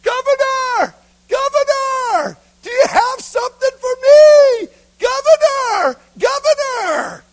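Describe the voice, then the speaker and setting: A high, shrill little beggar boy, as a preacher puts him on, eager and loud, yelling over a crowd for a gift. The voice cracks and rasps at the top, swinging wildly up and down. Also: animated, moderate pace, no room sound, heavily acted. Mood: pleading shouts.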